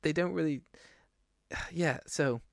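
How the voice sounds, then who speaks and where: Gravelly man rambling about films. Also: fairly high pitch, takes it slowly, no echo, clean studio sound. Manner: rambling, lots of restarts and fillers. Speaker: podcast co-host. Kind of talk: casual film chat.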